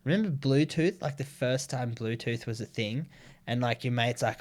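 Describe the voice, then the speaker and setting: Mid-pitched Australian man, loose and sweary. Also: normal speed, a little mellow. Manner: loose, sweary storytelling with many fillers. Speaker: comedian. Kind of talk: casual chat.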